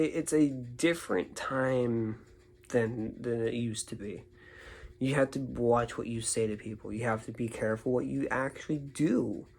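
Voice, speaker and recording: Young male vlogger, husky and gravelly, rambling storyteller. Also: mid-range voice, a little mellow, low-quality recording. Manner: rambling, repeats words and restarts. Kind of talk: casual storytelling monologue.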